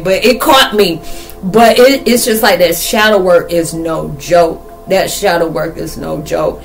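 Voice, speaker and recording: A woman's voice: lowish voice, measured pace, vocal fry, soft background music. A young woman, chatting casually and playfully in a rambling spiritual vlog. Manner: rambling, playful, laughs often. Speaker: spiritual vlogger.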